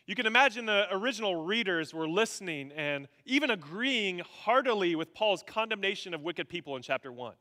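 A man preaching a sermon in a long-echoing hall, his voice bright and forceful. He is animated and dramatic, jumping from loud bursts to hushed, heavy emphasis. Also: on the high side, moderate pace. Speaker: pastor.

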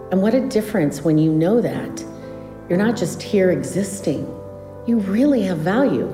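Earnest woman, echoey hall, music under. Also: fairly low pitch. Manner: earnest, inspirational. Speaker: interviewee. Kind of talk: documentary interview. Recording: roomy reverb with music underneath.

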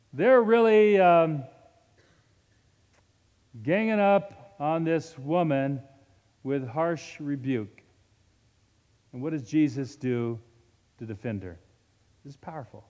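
A man preaching a sermon as a pastor, with dynamic delivery that swings from loud emphasis to hushed, slow moments. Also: on the high side, big-room sound.

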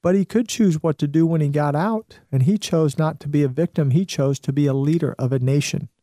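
A man's voice: fairly high pitch, fairly quick, dark tone, no room sound, clean studio sound. A man hosting a show, giving an earnest motivational talk with some restarts and fillers. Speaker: show host.

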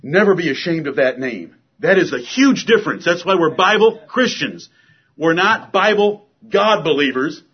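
A man preaching a sermon from the pulpit in a church, with a forceful, repetitive cadence. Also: on the high side, expressive, moderate pace, breathy edge, highs cut off. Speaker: pastor.

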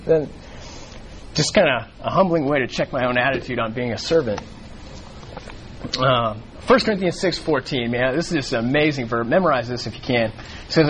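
A man teaches scripture to a small group in an easy, unscripted way, circling back and restarting his sentences often. His voice sits a little high for a man. A faint hiss of noise runs under the recording. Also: poor audio. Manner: rambling, frequent fillers and restarts. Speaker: bible study leader. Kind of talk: casual bible teaching.

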